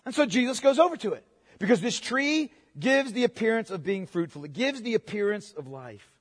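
A man's voice: high voice, expressive, brisk. A male pastor preaching a sermon in a church, with a conversational manner and frequent "okay?" check-ins to the congregation. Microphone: microphone. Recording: long hall reverb.

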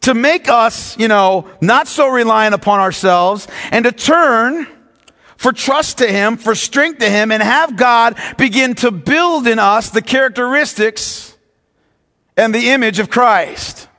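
A man with a notably high voice preaches a sermon, stretching key words and then rattling off quick asides. He sounds middle-aged. The words ring out in a long hall reverb. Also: sharp tone. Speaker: pastor.

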